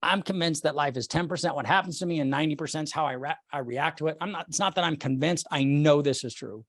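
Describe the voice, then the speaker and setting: A man's voice: fairly high pitch, fast, fairly bright tone, dry recording, clean studio sound. A man leading a sales team meeting over a video call, blunt and swearing casually.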